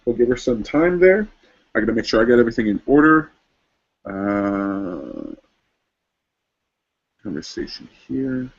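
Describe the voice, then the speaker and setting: A man with a husky, slightly rough voice hosts a casual livestream, chatting loosely and rambling with plenty of filler words. He talks into a webcam on a video call, and the audio comes through dull and lo-fi. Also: mid-range voice, sing-song, measured pace, long pauses. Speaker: host.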